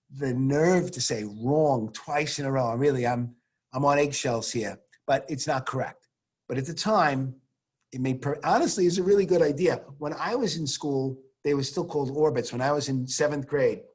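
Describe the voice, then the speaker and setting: A man teaching a science class over a video call, animated and theatrical, full of rhetorical questions. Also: mid-range voice, husky.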